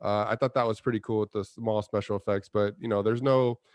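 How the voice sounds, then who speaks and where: A man's voice: lowish voice, steady tone, fairly quick, dry recording. A man co-hosting a casual movie review chat, rambling in a laid-back way with lots of fillers. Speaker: co-host of a movie review show.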